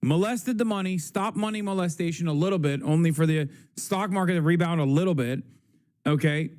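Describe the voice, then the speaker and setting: A man's voice: fairly high pitch, brisk, a little mellow. A man streaming live, ranting about politics in a casual, profane, sarcastic way and mocking people in silly voices. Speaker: live streamer reacting to clips.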